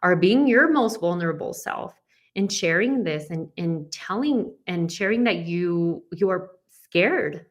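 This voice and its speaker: A woman's voice: on the low side, lively intonation, unhurried. Encouraging woman, a life coach guest. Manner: warm and affirming, encouraging. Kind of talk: casual conversation.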